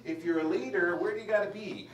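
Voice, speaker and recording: A man preaching a Bible study sermon, lively and emphatic, asking the congregation questions and restarting his sentences. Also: high-pitched, fast talker, dull audio. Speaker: pastor teaching a Bible study. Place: church hall. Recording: roomy live-stream audio from a distance.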